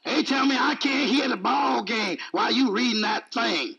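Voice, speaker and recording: A man's voice: very high voice, moderate pace, vocal fry, bright, forceful tone, slightly rough, muffled recording, faint music behind, exaggerated voice. A male preacher briefly voicing a churchgoer who grumbles that the family won't listen. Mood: grumbling. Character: reluctant churchgoer complaining about family.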